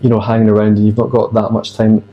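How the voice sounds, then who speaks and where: Man, low flat voice, out of breath, casual gym vlog, faint music behind. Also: fast talker, lo-fi sound. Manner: relaxed, coaching tips between sets. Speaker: fitness vlogger. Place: gym, indoors.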